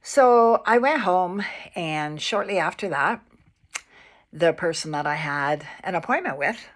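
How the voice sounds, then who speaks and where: A woman calmly telling a personal spiritual anecdote, unhurried and repeating her phrases. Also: fairly low pitch. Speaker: storyteller.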